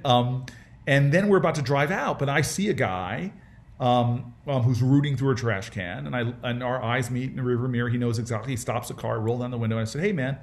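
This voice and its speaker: A middle-aged man telling a personal story in a casual fireside chat, earnest and humorous, with frequent restarts and repeated words. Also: mid-range voice. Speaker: senator speaking as guest in a fireside chat.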